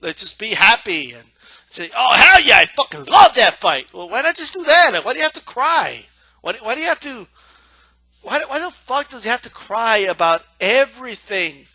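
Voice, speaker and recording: A man's voice: extremely high pitch, big pitch swings, normal speed, pushed and bright, dry recording. A man ranting casually about boxing, profane and mocking, often repeating himself and doing sarcastic asides. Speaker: boxing commentator.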